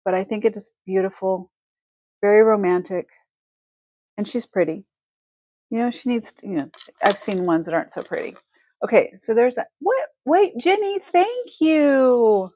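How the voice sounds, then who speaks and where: A woman's voice: medium pitch, moderate pace, pauses often, darkish tone, no room sound. A woman hosting a casual live-stream, chatty and effusive as she thanks viewers and shows jewelry. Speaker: livestream jewelry seller.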